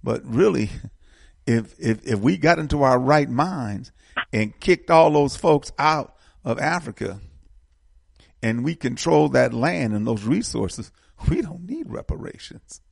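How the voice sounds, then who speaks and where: A man's voice: medium pitch, lively intonation, measured pace, vocal fry, slightly rough, dry recording, studio quality. A man hosting a casual political talk show, speaking with passion and often repeating words as he builds momentum. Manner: impassioned, repeats words when fired up.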